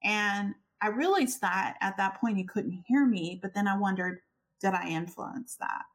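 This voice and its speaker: A woman co-hosting a podcast in casual conversation. She tells her stories in an animated way, acts out what people said, and laughs often. Her voice sits at a middle pitch. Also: unhurried. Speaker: podcast co-host.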